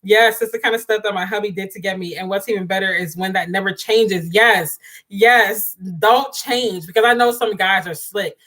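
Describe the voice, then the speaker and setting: A woman's voice: mid-range voice, moderate pace. A woman, talking straight to her viewers and laughing often. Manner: animated, laughs often, talks to viewers as y'all. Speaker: livestream host. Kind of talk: casual chat.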